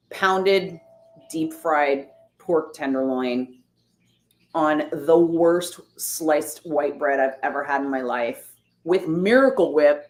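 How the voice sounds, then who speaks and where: A woman's voice: sits low, gravelly. A woman streamer chatting casually as she reads out and answers her viewers' messages, with wry, sarcastic asides. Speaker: streamer reading chat. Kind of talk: casual chat. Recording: roomy echo.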